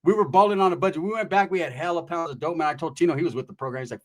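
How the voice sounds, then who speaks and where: A man tells a story casually, rambling and swearing freely. His voice sits slightly high for a man, and he slips into other people's voices as he goes. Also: very fast. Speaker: storyteller, host.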